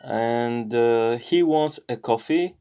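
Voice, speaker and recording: A man going through a language lesson on his own, thinking aloud with many fillers and slowly repeating practice phrases. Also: medium pitch, over music. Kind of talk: casual self-study commentary.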